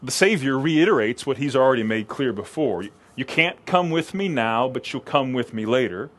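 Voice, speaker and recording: Male preacher, expressive sermon delivery, animates quoted speech, conversational restarts. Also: moderate pace. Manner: expressive, acts out quoted lines with rising pitch; repeats words when restarting.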